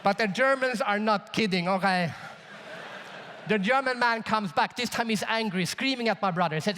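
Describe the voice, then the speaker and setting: A man with a high-pitched voice speaks at normal speed during a conference keynote, animatedly telling a story peppered with jokes and talking straight to the crowd. The recording carries the reverb of a large hall.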